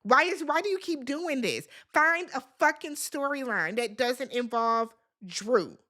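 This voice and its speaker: This reality TV recap host has a high-pitched, bright, forceful, expressive voice and a measured pace. She's blunt, sassy, and profane in a casual recap, scolding the cast straight on while speaking to viewers too.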